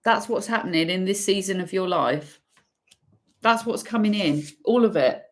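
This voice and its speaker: A woman giving an intuitive tarot energy reading, emphatic and swearing freely, pausing and restarting as she pulls cards. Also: mid-range voice. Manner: pauses and restarts while pulling cards. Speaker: tarot reader.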